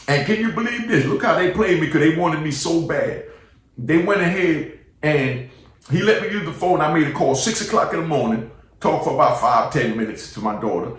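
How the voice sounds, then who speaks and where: A middle-aged man with a New York accent telling casual stories about prison life in street slang, often checking in with "you know what I mean?". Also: a little high. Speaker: former inmate storyteller. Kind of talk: casual storytelling monologue. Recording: echoey room, mic at a distance.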